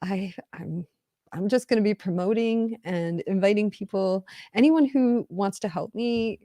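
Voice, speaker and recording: A woman's voice: medium pitch, unhurried, no echo. Chatty woman live streaming, dry sound. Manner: chatty, rambling, with frequent restarts and soft laughs. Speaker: live streamer promoting her book. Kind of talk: casual live stream chat. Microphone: close mic on a live stream.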